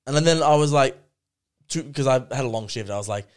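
Young Australian man, podcast co-host, casual chat, animated, swearing, acted-out quotes. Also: medium pitch, brisk, clean tone. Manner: animated, swears freely, acts out quotes in a raised voice.

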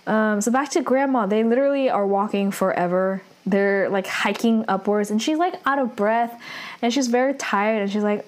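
A woman's voice: medium pitch, moderate pace. A young adult woman casually retelling a drama episode, talking loosely with lots of fillers and small laughs. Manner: chatty, filler-heavy with frequent "like", laughs between lines. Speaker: drama recapper.

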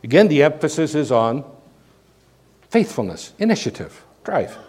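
A man with a Canadian accent, a pastor preaching a sermon full of rhetorical questions and sudden swings in loudness. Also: a little high, lively intonation, measured pace.

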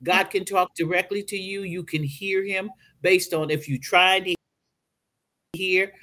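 A guest speaker on a podcast, a woman with a bright, forceful voice that sits on the low side, talks in a preaching style. She tells her story with animation and imitates the people in it, keeping a steady tone and an unhurried pace.

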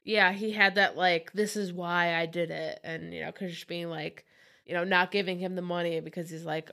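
A woman's voice: on the low side, steady tone, moderate pace, creaky, sharp tone. A woman chatting loosely about a movie with a co-host, full of asides and filler words. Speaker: podcast co-host. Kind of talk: casual movie discussion.

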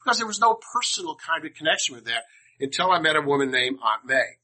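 Speaking fast in a slightly high, sharp, sing-song voice, an older Washington, D.C. man rambles humorously through personal stories for a class, often cutting himself off to start sentences over. The audio quality is poor.

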